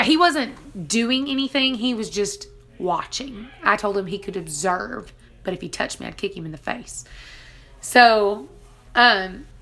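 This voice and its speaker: A woman's voice: mid-range voice, pushed and bright. A woman in her thirties, chatting casually on a live stream, laughing often and acting out what people said. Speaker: vlogger reading live chat.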